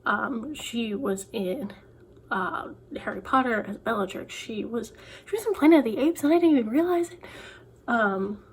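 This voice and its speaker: A woman's voice: a little high, expressive, normal speed, breathy edge. A young woman author chatting casually to camera, rambling with many "like"s and restarts. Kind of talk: casual vlog chat.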